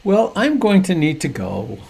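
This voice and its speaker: An older man teaching meditation over a video call, speaking softly and unhurriedly with gentle humor. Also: sits high, huge pitch swings, a little slow, vocal fry.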